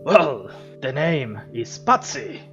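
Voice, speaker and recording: A sturdy, welcoming dwarf trader, as a man plays him in a tabletop game, speaking plainly and steadily. The recording is dull and lo-fi, with music playing clearly underneath. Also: mid-range voice, very animated, slow pace. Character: friendly male dwarf merchant in purple.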